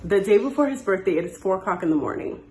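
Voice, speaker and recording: Animated twenty-something woman recounting a story, recorded in an echoey room. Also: quick pace, a little hiss or hum. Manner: animated, jumps to high voices when quoting. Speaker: story time host. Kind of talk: casual storytelling.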